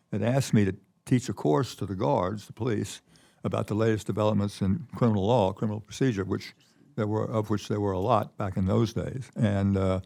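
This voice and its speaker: Older man, keynote guest, gravelly low voice, rambling storyteller. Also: mellow. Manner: rambling with many restarts. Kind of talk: conversational storytelling. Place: conference stage.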